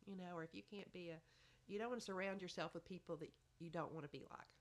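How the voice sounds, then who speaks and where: Lady on a podcast, motherly advice, bit low and gravelly, lots of you knows. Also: steady tone, fast talker. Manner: motherly, chatty, fills with "you know". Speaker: podcast guest. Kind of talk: casual advice chat.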